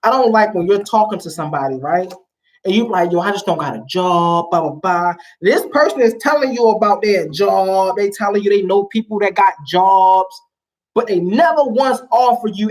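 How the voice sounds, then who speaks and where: Animated woman telling stories. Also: medium pitch, moderate pace. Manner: animated storyteller, emphatic slang-heavy talk. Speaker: guest. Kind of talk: casual chat.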